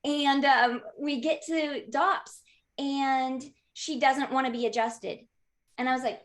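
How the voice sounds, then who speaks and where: Woman in her 30s, high voice, chatty storytelling on a podcast, lots of ums. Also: slow. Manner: lively, frequent "um" fillers, acts out quoted voices. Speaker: podcast guest. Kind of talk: conversational storytelling.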